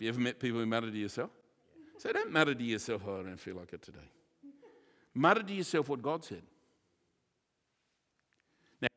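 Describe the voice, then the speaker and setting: Jokey preacher in a reverberant hall. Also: male voice, medium pitch. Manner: jokey, lively preaching with asides. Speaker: pastor. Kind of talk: sermon. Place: church hall.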